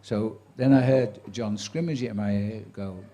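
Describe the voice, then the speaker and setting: This man in his seventies speaks a little slowly in a lowish, mellow voice. A sports commentator and chatty raconteur, he shares anecdotes from his career with a live audience, acting out quoted voices with dry wit.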